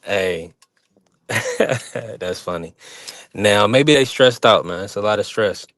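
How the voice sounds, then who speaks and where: A man hosting a casual livestream panel, relaxed and laughing, throwing out shout-outs in slang. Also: on the low side, slow pace, dry recording. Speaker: host.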